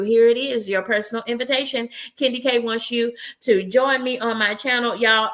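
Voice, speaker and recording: A woman's voice: on the high side, sharp tone. A woman in her late forties hosting a casual livestream, upbeat and preachy, calling her viewers y'all and friends. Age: 40s. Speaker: YouTube channel host.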